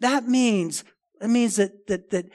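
A man delivering a sermon in a fairly high voice. He preaches emphatically, rising to forceful declarations and dropping to quiet asides. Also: takes it slowly. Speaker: pastor. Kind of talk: expository sermon.

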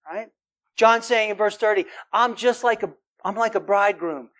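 A man's voice: high-pitched, moderate pace, fairly bright tone. Male preacher, casual sermon delivery, frequent "right?", earnest when quoting scripture. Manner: conversational, keeps asking "right?".

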